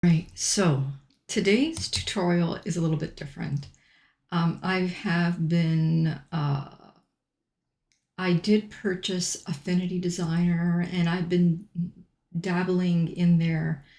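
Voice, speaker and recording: A middle-aged woman walks through a software tutorial at a slow, deliberate pace, pausing on ums between steps. Her voice sits a little low. The recording has a roomy echo. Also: steady tone. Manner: unhurried, step-by-step with frequent ums.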